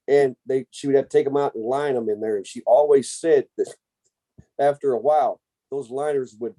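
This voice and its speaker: A man's voice: mid-range voice, warm tone. A man co-hosting a casual podcast, rambling through family stories with jokes and restarts. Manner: rambling, self-interrupting, jokey. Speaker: podcast co-host. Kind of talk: casual family storytelling chat.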